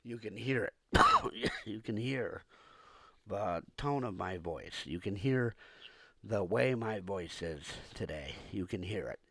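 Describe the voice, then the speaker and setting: A man hosting a podcast, hoarse and coughing from a cold, ranting in a repetitive, aggrieved way with many pauses. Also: lowish voice, animated, dry recording. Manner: repetitive, aggrieved, pausing often. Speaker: podcast host. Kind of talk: ranting monologue to listeners.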